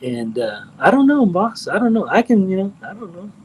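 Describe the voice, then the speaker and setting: A middle-aged man from Texas talks in a blunt, rambling, profane way. His voice sits a little high for a man. He chats casually as the host of a livestream. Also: very animated, moderate pace, a little mellow, slightly rough, rough recording. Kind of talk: casual chat.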